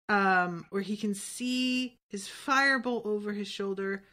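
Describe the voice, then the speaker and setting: A woman co-hosting a podcast, alternating between reading a book aloud and casual, animated, rambling chat with casual swearing. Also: mid-range voice. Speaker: podcast co-host.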